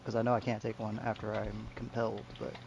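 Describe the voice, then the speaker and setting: A man's voice: fairly low pitch, flat delivery, fast talker, creaky, dull audio. A man in a tabletop game hesitantly asking the game master how a rule works. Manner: hesitant, questioning. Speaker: player. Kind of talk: rules question in a tabletop game. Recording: noisy recording.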